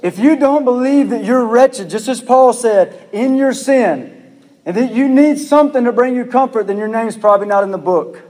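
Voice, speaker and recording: Pastor, male, high voice, urgent pleading delivery, reverberant church hall. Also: normal speed, a little mellow. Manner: earnest pleading preaching, repeats phrases. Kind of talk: sermon.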